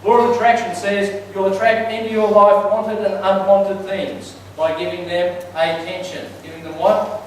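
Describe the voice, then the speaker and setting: A fairly high-voiced man preaches in a relaxed, storytelling way, firing questions at the congregation. His voice rings around a large, very echoey hall, heard from a distance with a faint hum of room noise. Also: normal speed. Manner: chatty, storytelling, asks the crowd questions. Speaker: church speaker. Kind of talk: conversational sermon. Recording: very echoey hall, mic far off.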